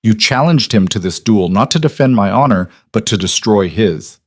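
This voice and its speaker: A man voicing a desperate young noblewoman in an audiobook romance, earnest and steady. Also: lowish voice, moderate pace, no echo, studio quality. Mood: resolute.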